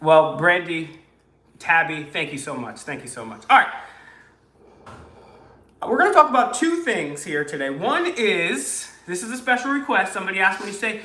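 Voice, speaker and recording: A man's voice: high-pitched, big pitch swings, moderate pace, pushed and bright, roomy sound. A man hosting a casual livestream, joking, rambling and crude as he talks to viewers. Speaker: livestream host.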